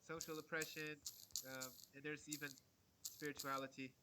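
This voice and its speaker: A man giving an online art lecture over a video call, halting with many fillers and restarts. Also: a little high, level tone, background noise. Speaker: guest lecturer on African art.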